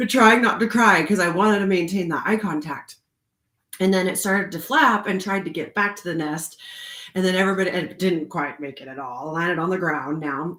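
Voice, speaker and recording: A woman casually telling a personal story with many fillers, now and then jumping into a high voice to act out what she said. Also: reverberant. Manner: chatty, many fillers, acts out quotes in a high voice. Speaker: host of a card reading channel.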